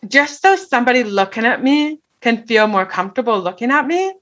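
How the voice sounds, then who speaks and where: A woman's voice: a little high, lively intonation, a little fast, a bit bright. A middle-aged woman telling a personal story in an earnest way, often checking in with "right?". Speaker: guest.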